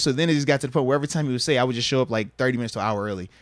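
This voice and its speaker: A man in his thirties, a former football player hosting a podcast, telling stories in casual chat and acting out the quoted dialogue with big jumps in pitch and loudness. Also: very fast, no room sound, studio quality.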